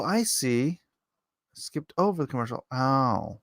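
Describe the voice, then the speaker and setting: Slow, gravelly man hosting a livestream. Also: mid-range voice, fairly bright tone, no room sound, studio quality. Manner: reads viewer comments aloud and chats back; rambling, self-deprecating. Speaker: livestream host. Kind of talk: casual livestream chat.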